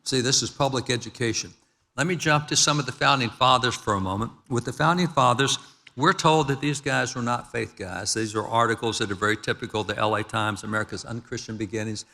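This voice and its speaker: In a large event hall, an older historical speaker delivers a forceful lecture at a gala, walking the audience through slides and quoting aloud. He talks fairly quickly in a mid-range voice that is creaky and sharp-toned, with hall reverb coming from the event PA.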